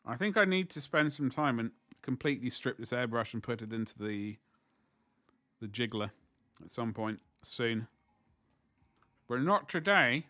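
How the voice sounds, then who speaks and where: A man's voice: medium pitch, expressive, measured pace, pauses often, bright, forceful tone. A man chatting casually to viewers on a livestream as he paints miniatures, rambling and joking in asides.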